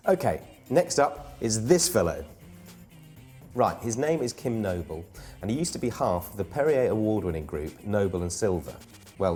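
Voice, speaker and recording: A man's voice: deep voice, darkish tone. A man hosting a comedy gig guide in a playful, self-mocking way, wandering off into rambling asides. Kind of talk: jokey scripted presenting.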